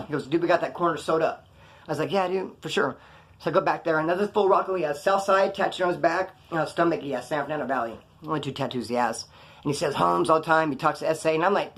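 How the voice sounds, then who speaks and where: A man tells a story to camera in a loose, casual way. He talks quickly and rather high for a man, and he swears freely. He jumps his voice up when he acts out what people said. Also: breathy edge. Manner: animated, profane, acts out quotes in a higher voice. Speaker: vlogger telling prison stories.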